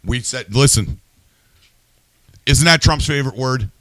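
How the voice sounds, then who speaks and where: A man's voice: medium pitch, measured pace, fairly bright tone, dry recording. Fired-up swearing man ranting. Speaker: podcast host. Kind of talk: heated casual chat.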